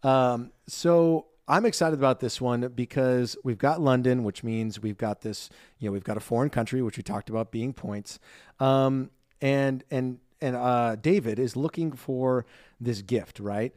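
A man's voice: medium pitch, a little slow, darkish tone, no echo, studio quality. Chatty bubbly man on a podcast. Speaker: podcast co-host. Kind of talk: casual chat.

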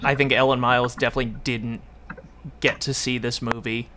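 A man's voice: medium pitch, little pitch movement, brisk, bright, forceful tone, slight background noise. A man co-hosting a casual podcast chat, rambling and full of fillers. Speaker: podcast co-host.

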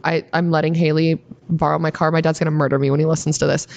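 Fast-talking blunt young woman. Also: low-pitched, level tone, gravelly, darkish tone. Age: 20s. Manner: blunt, profane, rapid storytelling. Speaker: podcast guest. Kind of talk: casual chat.

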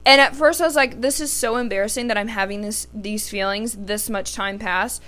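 A young woman from the American South hosts her own podcast, talking straight to her listeners. Her voice is bright and sharp. She speaks with casual candor, swears without a second thought, and strings her thoughts together with plenty of "like". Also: medium pitch, fairly even intonation, normal speed. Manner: candid, swears freely, lots of "like". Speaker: podcast host.

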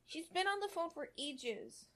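A woman's voice: very high-pitched, lively intonation, unhurried, fairly bright tone, pitched above the performer's own voice, heavily acted. Whiny little girl, as a woman puts her on.

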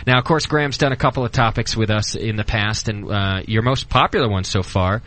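A man's voice: fairly low pitch, a little fast, a bit bright. A man hosting a casual radio talk show from a studio, loose and joking, with many ums and uhs.

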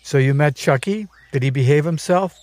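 An airy, self-satisfied woman who sounds pleased with herself and bosses others around, as a male narrator puts her on. The voice sits noticeably higher than his own, in a dry, close storytelling read. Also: moderate pace, a little mellow, no echo, natural voice. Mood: breezy, proud. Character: proud breezy woman, a bossy jungle hostess.

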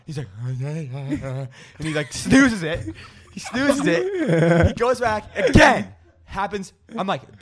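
A young man co-hosting a podcast, telling a lively story with lots of swearing and acted-out quotes. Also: sits high, moderate pace. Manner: animated storytelling, swearing, acts out roommates. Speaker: podcast co-host. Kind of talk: casual chat.

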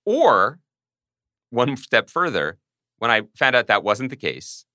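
A man's voice: medium pitch, takes it slowly, dry recording, studio quality. A man co-hosting a podcast, telling wry stories in a casual chat. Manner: wry, animated storytelling. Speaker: podcast co-host.

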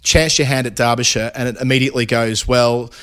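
A man's voice: mid-range voice, steady tone, brisk, a bit bright, clean tone. A middle-aged man hosting a podcast, talking casually and rambling a little, with chatty asides, including ad reads. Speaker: podcast host.

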